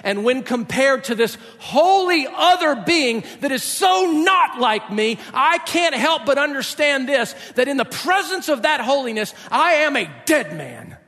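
A preacher acting out a panicked shouting prophet. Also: male voice, very high voice, pitched above the performer's own voice, exaggerated voice. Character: terrified ancient male prophet crying out. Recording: long hall reverb.

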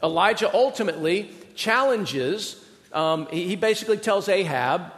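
A man preaching a sermon in an animated, conversational storytelling manner, recorded in a church sanctuary. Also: sits high, normal speed. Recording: reverberant hall.

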